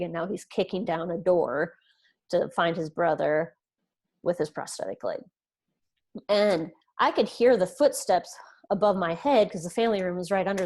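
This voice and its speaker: A woman's voice: lowish voice, a little mellow. A woman in her thirties, a podcast guest, earnestly telling a personal story and acting out what people said. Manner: earnest, retells events with quoted dialogue.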